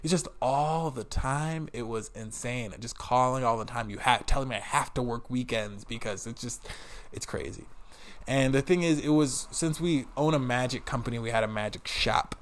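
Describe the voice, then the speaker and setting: A man's voice: mid-range voice, normal speed. A man telling a story about his old job in a casual vlog, swearing and sounding exasperated as he tells it. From United States. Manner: profane, animated, exasperated. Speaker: vlogger.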